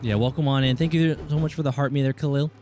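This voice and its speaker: A man with a British Columbian Canadian accent talks quickly in a steady, medium-pitched, slightly mellow voice while streaming a game. Friendly and casual, he thanks viewers by name and restarts his words, with game music and gunfire playing.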